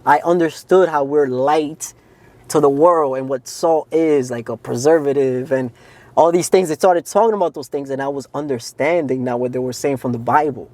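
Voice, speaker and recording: Man, podcast co-host, higher-pitched voice, dry close sound, casual earnest testimony, says "like" a lot. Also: normal speed, darkish tone, dry recording. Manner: earnest storytelling, heavy use of "like" and "man".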